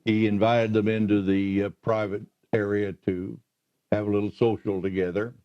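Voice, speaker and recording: A man's voice: lowish voice, level tone. Older guy telling old stories, lots of uhs, kinda muffled recording. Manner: slow, halting storyteller with many "uh" pauses. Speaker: interviewee recalling his career. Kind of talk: oral history interview.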